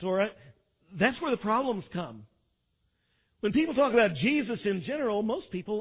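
A male pastor preaching a sermon, swinging from quiet asides to loud, dramatic quotations. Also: high voice, animated, fairly quick, husky. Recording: tinny phone-like sound.

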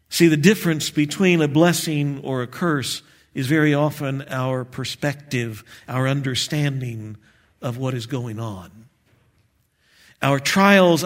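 A man preaching a sermon as pastor, measured and earnest with light touches of humor. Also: on the high side.

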